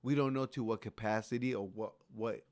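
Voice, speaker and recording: A man's voice: on the low side, steady tone, fairly quick, darkish tone, no room sound. A man giving a casual, rambling recap of a TV episode, with many fillers and restarts. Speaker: show recap host.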